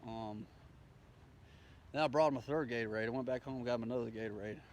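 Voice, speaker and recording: A man's voice: medium pitch, fast talker, slight background noise. A man telling a rambling, profane story in a casual way, acting out the dialogue as he goes. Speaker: storyteller recounting his day.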